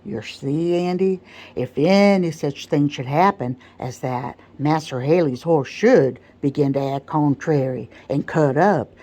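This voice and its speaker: A sly servant man full of playful cunning, drawling his words in a thick dialect, as a woman puts him on in whispered role-play. The voice sits low and soft for a storybook reading. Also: a little slow. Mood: scheming. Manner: dialect-heavy, drawling, teasing.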